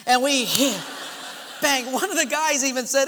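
A pastor tells a sermon story with animated energy, acting out the shouts and laughs himself. His voice sits high and sounds bright. The sound carries a long reverb from a large hall. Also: moderate pace.

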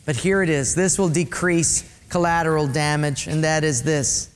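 This middle-aged pastor's sermon is animated and direct, full of repeated key phrases aimed at his congregation. His pitch is fairly high, and he keeps a moderate pace with hardly any pauses.

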